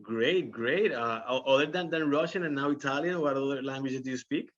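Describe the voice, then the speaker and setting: Man, interviewer, middle pitch, halting, repeats words, slightly dull recording. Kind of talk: press junket interview.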